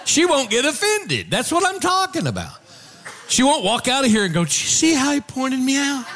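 A man preaching a sermon to a congregation, animated and storytelling, joking with the crowd. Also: sits high. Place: church before a congregation.

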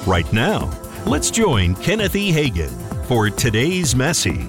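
A man announcing a radio program in a smooth, measured, scripted way. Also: mid-range voice, wildly swooping pitch. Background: music.

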